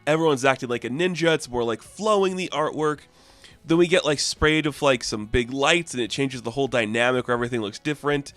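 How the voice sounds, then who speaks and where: A man's voice: mid-range voice, a little fast, a bit bright, dry recording. A man giving a casual, enthusiastic spoken review of a comic book, with lots of filler words.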